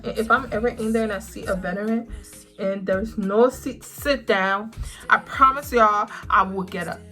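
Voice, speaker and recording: A young woman vlogs a storytime straight to camera in a mid-range voice. She stresses and stretches her words for emphasis, keeping the telling lively and personal. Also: mid-range voice, soft background music. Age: young adult. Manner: animated, emphatic, drawn-out words. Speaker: vlogger. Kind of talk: storytime vlog.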